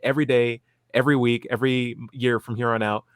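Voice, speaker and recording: A man on a comedic panel show, chatting casually and slipping into quick mocking voices. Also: medium pitch, steady tone, smooth, no room sound. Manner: jokey, does quick mocking voices in quotes. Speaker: podcast panelist.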